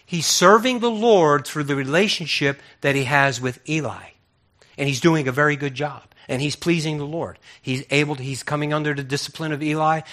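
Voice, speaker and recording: Man, pastor, sermon, bright voice, slightly high, storytelling with acted voices. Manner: animated storytelling, acts out voices, repeats words.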